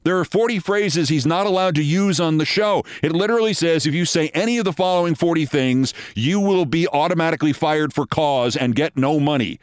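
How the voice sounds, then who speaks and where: A man's voice: on the high side, fairly quick, few pauses, smooth, no room sound, studio quality, close to an everyday voice. A man playing an exasperated male network executive who insists and repeats himself. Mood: insistent.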